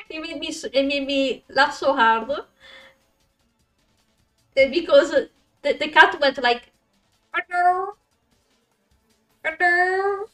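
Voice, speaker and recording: A woman streamer chatting casually with her viewers while she plays, excitable, laughing often and swearing when frustrated. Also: high-pitched, far from the mic. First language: Italian. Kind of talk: casual live-stream chat while gaming.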